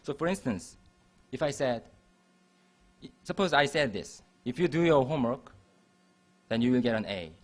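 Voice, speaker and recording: Male university lecturer, mid-pitched voice, patient and repetitive classroom explaining. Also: expressive, normal speed, long pauses, faint music behind. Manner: repeats and restarts phrases while explaining.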